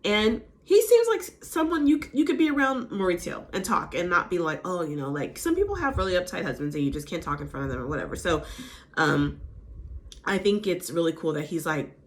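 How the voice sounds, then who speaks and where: A chatty woman talks through a reality show episode in a casual recap. Her pitch swings up and down a lot as she gets animated. Now and then she mimics the people she is talking about. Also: brisk. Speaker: recap host.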